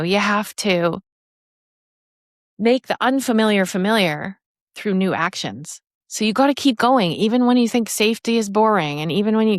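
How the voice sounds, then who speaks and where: Podcast host, woman in her 50s, lively emphatic storyteller, dry close sound. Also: mid-range voice, dry recording. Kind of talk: casual chat, storytelling.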